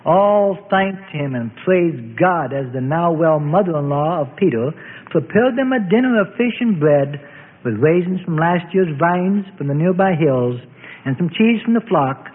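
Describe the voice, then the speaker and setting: A man giving a dramatic, theatrical scripted narration of a Bible story, slowing and stressing key words. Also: fairly high pitch, expressive. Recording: echoey tinny radio broadcast.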